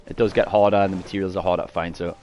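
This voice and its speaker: This is a deep-voiced man with a flat, darkish delivery who fires off words rapidly, recorded lo-fi with a bit of background noise. As a gaming streamer giving a casual tutorial, he rambles, corrects himself, and keeps coughing and clearing his throat because of the garlic he ate.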